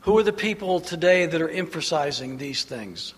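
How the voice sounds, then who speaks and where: A man's voice: a little high, lively intonation, husky. A man preaching a sermon, emphatic, pressing his listeners with rhetorical questions. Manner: emphatic, rhetorical questions, slow deliberate delivery. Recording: long reverb of a large hall.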